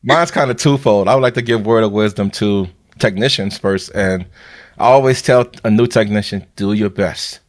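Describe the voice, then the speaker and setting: A man's voice: lowish voice, moderate pace. A man, a biomed manager and podcast host, giving earnest, heartfelt advice in a casual podcast chat.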